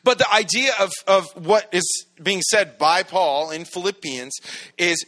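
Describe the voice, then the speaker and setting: A man preaches in a loose, chatty way, joking and acting out small scenes as he goes. His voice sits a bit high and rings bright and forward. He sounds like a pastor talking with his congregation rather than at them. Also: measured pace. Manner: joking, animated, acts out little scenes. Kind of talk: casual conversational sermon.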